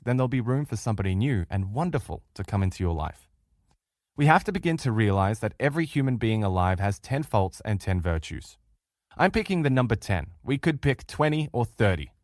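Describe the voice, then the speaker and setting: Heard in a studio-quality recording with no echo, a middle-aged man with a mid-range voice and an Australian accent lectures on relationships, earnestly and emphatically speaking right to his audience.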